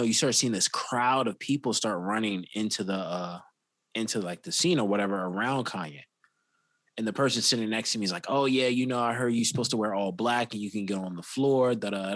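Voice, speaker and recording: Low-voiced man telling a rambling story. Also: fairly bright tone, dry recording. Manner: rambling, filler-heavy with "like" and restarts. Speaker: podcast co-host. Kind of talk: casual storytelling chat.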